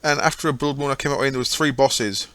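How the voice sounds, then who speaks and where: Fast and a bit bright, this mid-range male voice comes through with no room sound. He is a gaming channel host narrating his own play in a casual, rambling way, frequently correcting himself.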